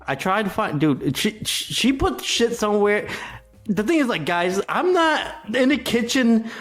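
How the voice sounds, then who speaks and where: A man's voice: sits high, sing-song, measured pace, fairly bright tone, soft background music. A man co-hosting a casual podcast chat, telling stories with lots of cursing and laughter. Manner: profane, laughing storyteller. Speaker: podcast co-host.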